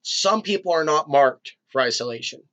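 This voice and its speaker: A man's voice: fairly high pitch, expressive, moderate pace, fairly bright tone. A man hosting his own video, talking in a loose, rambling spiritual monologue that drifts from tangent to tangent. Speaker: video host. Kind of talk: free-flowing spiritual monologue.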